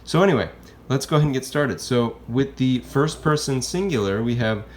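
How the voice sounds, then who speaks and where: In an easygoing classroom style, a Spanish teacher with a mid-range voice explains grammar at normal speed. He keeps the tone loose and chatty, regularly tossing in "okay?" and "right?". The recording carries a faint hiss.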